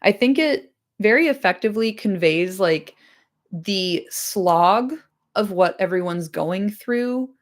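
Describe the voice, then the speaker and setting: A woman streamer chatting casually to her live audience after a reading, enthusiastic and swearing freely, her voice slightly hoarse. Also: mid-range voice, expressive, takes it slowly. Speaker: streamer reading a book aloud.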